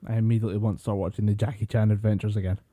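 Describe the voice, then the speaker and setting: A man co-hosting a podcast, chatting in a relaxed, playful way with frequent chuckles. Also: on the low side, racing. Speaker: podcast co-host. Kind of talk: casual chat.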